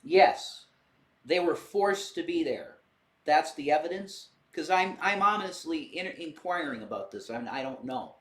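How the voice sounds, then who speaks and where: A man's voice: a little high, lively intonation, normal speed, a bit bright. A man in casual chat, earnest and questioning. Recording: roomy echo.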